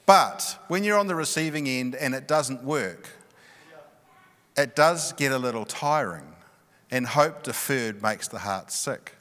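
A middle-aged male pastor telling a personal story in a sermon, animated and often laughing. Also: mid-range voice, a little slow. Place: large church hall. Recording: long reverb of a church hall.

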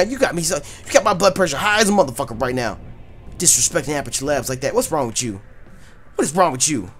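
A man hosting a let's play, commenting loudly and profanely, often yelling at the game. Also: on the high side, fast talker, faint music behind. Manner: loud, profane, excitable, yells at the game. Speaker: gaming channel host.

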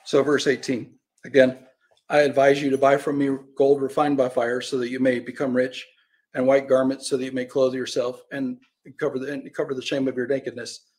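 Animated male preacher teaching Bible lesson. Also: mid-range voice, a little fast. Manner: animated storytelling, acts out quoted voices, swings from loud cries to quiet asides.

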